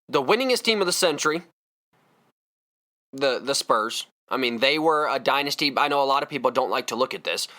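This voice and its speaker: A man's voice: mid-range voice, lively intonation, normal speed, pauses often, bright, forceful tone. A man hosting a solo sports podcast, ranting in a fired-up, emphatic way. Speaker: podcast host.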